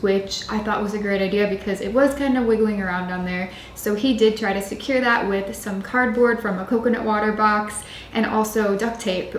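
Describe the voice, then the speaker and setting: Young female vlogger, casual and dry in tone, recorded in a roomy space with faint background noise. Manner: dry, low-key delivery with little pitch range. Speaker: craft channel host. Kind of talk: casual product-testing vlog. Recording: echoey room with faint hiss.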